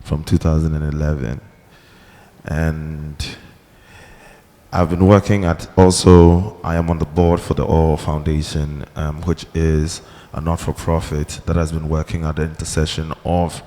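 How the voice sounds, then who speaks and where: A man's voice: very deep voice, little pitch movement, a little slow, mellow. A man with a Ghanaian accent introducing himself on a panel in a large hall, laid-back and hesitant, with many fillers. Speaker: panelist, gallery creative director. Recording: long hall reverb.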